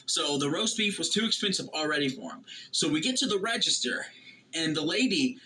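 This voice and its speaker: Bright-voiced man telling a story. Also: fairly high pitch, brisk, slight background noise, rough recording. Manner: lively anecdotal retelling with quoted voices. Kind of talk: casual storytelling.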